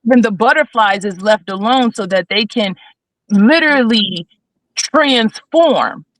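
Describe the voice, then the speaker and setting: Woman in her 30s on a podcast, bright tense voice, preachy, dry close sound. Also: a little high, takes it slowly, dry recording, poor audio. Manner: animated, preachy, keeps asking "right?". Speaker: podcast guest. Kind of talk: casual podcast discussion. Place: studio.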